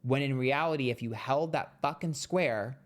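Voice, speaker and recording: A man giving a casual monthly tarot reading, blunt and profane, chatty and playful with sudden jumps in pitch. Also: normal speed. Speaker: tarot reader.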